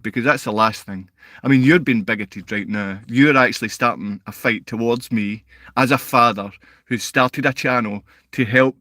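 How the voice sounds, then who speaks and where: A man's voice: medium pitch, dry recording. A man hosting a live stream, answering chat comments in a combative, insulting rant. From Scotland. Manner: combative, insulting, rising to shouted outbursts. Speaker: livestream host and father.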